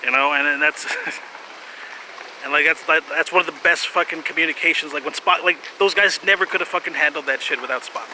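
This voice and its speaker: A man's voice: on the high side, fairly quick, bright, forceful tone, a little hiss or hum, rough recording. A man rambling through a casual monologue, laughing often, swearing, and trailing off into fillers and restarts.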